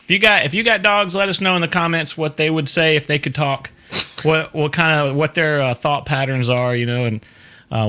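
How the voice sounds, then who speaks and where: A man's voice: fairly high pitch, bright, forceful tone. A man hosting a casual livestream chat, talking in a rambling way with frequent chuckles. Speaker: show host.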